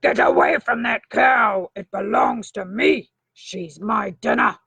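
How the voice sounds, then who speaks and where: A blustering, cowardly storybook giant, played by a woman. He sounds gruff and puffed up, with a dry, close sound. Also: a little high, slow pace, fairly bright tone, no echo, heavily acted.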